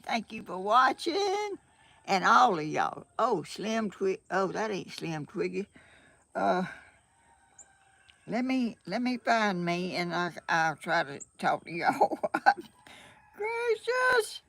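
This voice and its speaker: A woman's voice: lowish voice, big pitch swings, takes it slowly, vocal fry, fairly bright tone, no echo. An older woman with a Southern US accent, chatting casually and a bit flustered on a live stream from her home, laughing often. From Georgia, USA. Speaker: vlogger. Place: home, sunny room.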